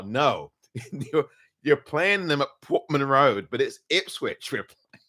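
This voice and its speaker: A man's voice: medium pitch, fairly bright tone. A man with an English accent hosting a casual post-match football chat, laughing at his own slip-ups and teasing himself by name. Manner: self-mocking, talks to himself by name. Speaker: podcast host.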